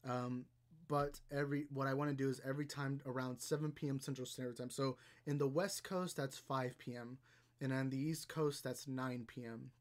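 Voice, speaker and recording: A man's voice: medium pitch, fairly even intonation, moderate pace. Young man, rambling livestream chat. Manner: rambling, reads chat comments aloud. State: out of breath. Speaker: livestream host.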